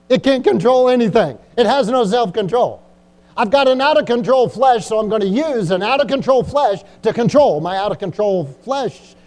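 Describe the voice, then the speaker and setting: High, mellow-voiced man preaching a sermon. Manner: repetitive, exhorting, frequent "Amen?" and "Come on". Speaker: pastor. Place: church.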